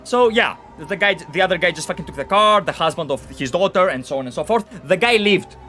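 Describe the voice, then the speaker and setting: A man streaming a game, telling a story in animated, profane casual chat. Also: high voice, a little fast, soft background music.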